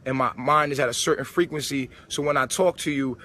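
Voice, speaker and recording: A man's voice: mid-range voice, fairly quick, sharp tone. A man giving a casual spiritual monologue, preachy and full of street slang. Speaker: spiritual vlogger. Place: old supermarket converted to a club.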